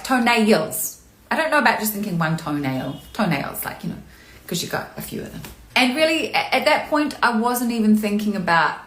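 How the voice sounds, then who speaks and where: A woman's voice: on the low side, fairly bright tone. A woman acting coach talking candidly and chattily in a live-streamed Q&A, sometimes showing emotion. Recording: echoey room.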